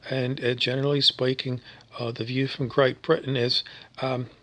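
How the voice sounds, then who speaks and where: A man's voice: medium pitch, level tone, normal speed, fairly bright tone. A man from Canada talking in a meandering, wry vlog monologue, full of fillers and asides. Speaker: vlogger. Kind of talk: rambling monologue.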